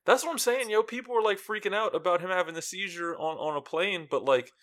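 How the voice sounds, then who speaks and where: A man's voice: high voice, fast, fairly bright tone. A young man co-hosting a casual sports podcast, joking and slangy, chuckling often. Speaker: podcast co-host.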